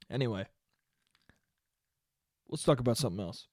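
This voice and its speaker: Young man, podcast host, sarcastic rant, slightly high voice, dry close sound. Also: normal speed, dry recording. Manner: sarcastic, animated storytelling with mocking quoted voices. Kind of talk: solo comedic podcast rant.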